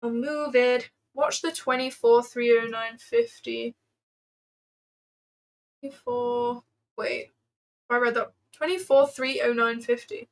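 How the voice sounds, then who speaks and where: A woman's voice: fairly high pitch, steady tone, takes it slowly, long pauses. A woman hosting a casual trading livestream, chatting freely with lots of fillers and answering viewers as she goes. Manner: chatty, filler-heavy, answers chat aloud.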